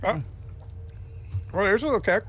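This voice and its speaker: A man's voice: high voice, expressive, normal speed, a bit bright, a little hiss or hum. A man co-hosting a gaming stream, reacting nervously and laughing while eating hot wings.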